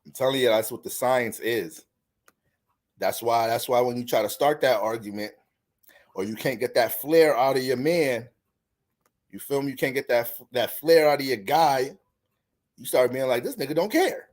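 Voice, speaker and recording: At a middle pitch and normal speed, broken by long pauses, an astrology content creator talks casually. His monologue is profane, animated, and rambling, with many restarts.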